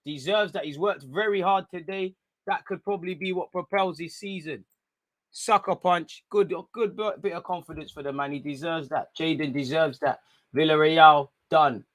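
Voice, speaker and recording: A young man, giving casual, excitable live commentary to viewers during a football watchalong stream, talking in slangy street speech. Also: fairly high pitch, normal speed.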